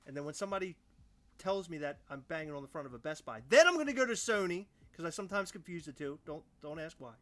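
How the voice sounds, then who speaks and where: Animated, ranting young man. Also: fairly high pitch, fast talker, soft background music. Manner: animated, mock-outraged ranting. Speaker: podcast co-host. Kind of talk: casual chat.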